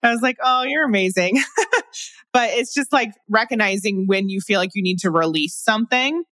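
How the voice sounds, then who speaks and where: A middle-aged woman hosts an interview, talking casually and laughing easily. Her pitch is in the middle range. The recording is close and dry. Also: brisk, a bit bright, no echo. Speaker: podcast host.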